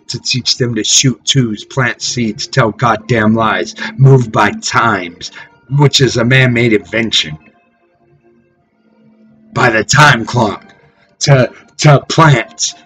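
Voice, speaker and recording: A man preaching from scripture in a fiery, profane way, swinging between shouted tirades and low mocking murmurs. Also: poor audio. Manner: swears heavily. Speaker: street preacher.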